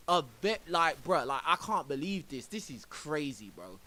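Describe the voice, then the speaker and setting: A man's voice: a little high, very animated, normal speed, few pauses, pushed and bright, poor audio. A man streaming and reacting to a clip, ranting indignantly and saying "bro" a lot. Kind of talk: reaction commentary on a livestream. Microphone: own microphone. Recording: faint hiss.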